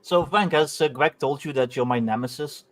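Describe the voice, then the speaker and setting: A man's voice: medium pitch, normal speed, a bit bright. A male guest game designer joking and teasing in casual chat over a video call.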